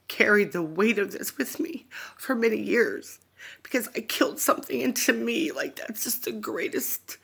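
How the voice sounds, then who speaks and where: A woman speaking into her phone, telling a personal story in a halting, rambling way that keeps wandering off into asides. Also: mid-range voice, vocal fry, fairly bright tone, slightly rough. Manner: halting, rambling, often digressing. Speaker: vlogger sharing a personal testimony.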